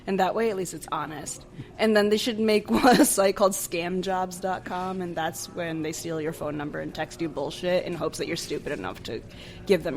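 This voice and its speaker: A woman with a mid-range voice rants sarcastically on a podcast, swearing freely and joking dark. A faint hiss sits under her voice. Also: fairly low pitch. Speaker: podcast co-host. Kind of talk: casual chat.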